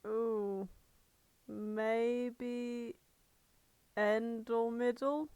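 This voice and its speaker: A woman's voice: on the high side, steady tone, very slow, darkish tone, smooth, no echo. A young woman co-hosting a casual podcast chat, playful and teasing, laughing a lot. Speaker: podcast co-host.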